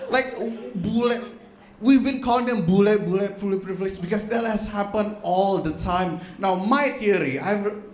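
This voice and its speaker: A man's voice: sits high, moderate pace. A man doing a stand-up set on stage, telling stories with acted-out quotes. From Indonesia. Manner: animated storytelling with acted-out quotes. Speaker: stand-up comedian. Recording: echoey venue room.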